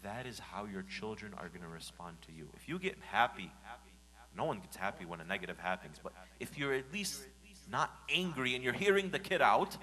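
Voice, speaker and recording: A man preaching a Friday sermon in a mosque. He moves from hushed, gentle lines to loud, acted-out scolding. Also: lowish voice, brisk, poor audio. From United States. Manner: animated, swings from hushed to shouting when acting out scolding.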